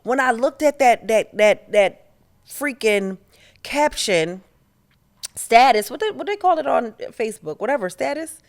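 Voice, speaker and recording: A woman hosting a podcast, talking in a candid, animated way, with slang and profanity, in a casual spiritual monologue. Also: on the high side, measured pace. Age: adult, past her teens. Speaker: podcast host.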